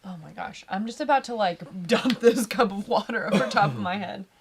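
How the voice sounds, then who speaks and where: A woman's voice: mid-range voice, fairly quick, breathy edge. A woman co-hosting a live whiskey tasting, chatting casually and laughing often. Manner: chatty, talks over her co-host, laughs often. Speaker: co-host of a whiskey tasting livestream. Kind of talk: casual chat.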